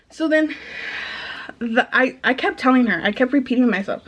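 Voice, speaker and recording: A woman's voice: sits high, animated, moderate pace, long pauses, dull audio, a little hiss or hum. A young adult woman telling a frustrated, casual storytime about a retail job, swearing freely. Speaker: vlogger, retail manager.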